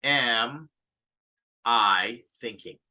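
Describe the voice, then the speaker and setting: Guy coaching startup founders, really bright tense voice, talks thru his own questions. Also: mid-range voice, very slow. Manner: coaching, stops to reflect, acts out inner questions. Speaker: startup advisor. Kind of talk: explaining to camera.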